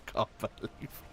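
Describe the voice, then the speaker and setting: A man's voice: bright, forceful tone, a little hiss or hum. A man chatting casually while live-streaming a game, giggling often and trailing off into fillers.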